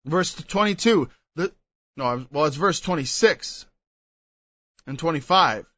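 A man with a high, bright, ringing voice preaches a sermon, reading old scripture aloud and unpacking each verse in turn. The sound is dry and close, on a dull, lo-fi recording. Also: expressive, slow pace, no echo.

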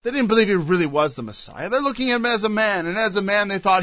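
A man's voice: high-pitched, expressive, quick pace, few pauses, a bit bright, no echo. A man preaching a sermon. He reads old scripture aloud and then explains it verse by verse. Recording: dull lo-fi recording.

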